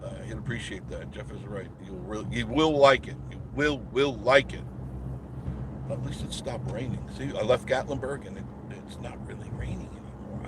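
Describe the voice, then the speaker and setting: A man hosting a live stream from his car, chatting with viewers in a rambling, folksy way. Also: mid-range voice. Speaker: channel host. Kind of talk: live-streamed driving chat. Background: car and road noise.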